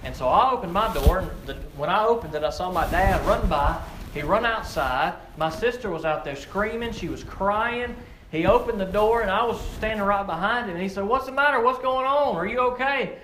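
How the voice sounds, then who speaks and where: A man preaching a sermon, earnest, often repeating words as he builds to emphatic, rising peaks and then drops low. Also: normal speed. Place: outdoor or open church setting with frog croaking nearby. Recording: echoey room with faint ambient noise.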